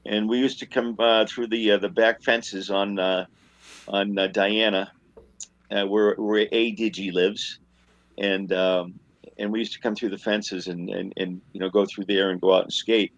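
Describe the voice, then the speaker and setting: Halting low-voiced man on a dull line. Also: little pitch movement, dry recording. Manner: halting, many fillers. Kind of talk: casual chat, reminiscing. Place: at home in a recliner.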